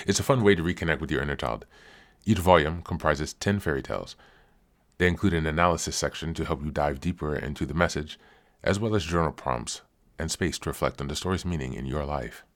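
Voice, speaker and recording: Very deep-voiced male podcast host. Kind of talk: scripted podcast announcements and intro.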